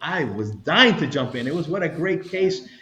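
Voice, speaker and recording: Animated older man telling war stories. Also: on the high side, moderate pace, slight background noise. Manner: animated storyteller acting out quoted voices. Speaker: guest, retired federal agent. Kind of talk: storytelling interview. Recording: echoey room, slightly dull sound.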